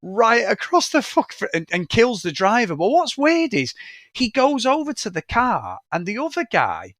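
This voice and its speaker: A man's voice: high voice, normal speed, dry recording, studio quality. A man co-hosting a podcast, chatting casually about a film, swearing freely and acting out scenes as he goes. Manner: sweary, animated, acts out scenes. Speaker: podcast co-host. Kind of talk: casual film review chat.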